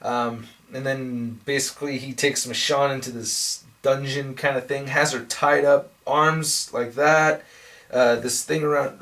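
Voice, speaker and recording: Sex: man. Role: comic book reviewer. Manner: profane, rambling, excitable. Pitch: mid. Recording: voice set back from the mic. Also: far from the mic.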